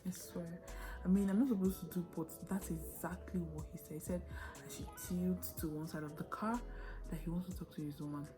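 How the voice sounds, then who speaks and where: A young Nigerian woman telling a story on her vlog, animated and dramatic, with quick shifts of pace. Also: fairly low pitch, over music. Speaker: vlogger.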